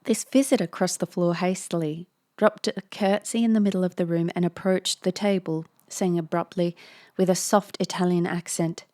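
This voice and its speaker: A woman's voice: lowish voice, steady tone, normal speed, a little mellow. A woman reading a Victorian ghost story aloud, breaking off now and then for playful, self-mocking asides. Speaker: reader, narrator.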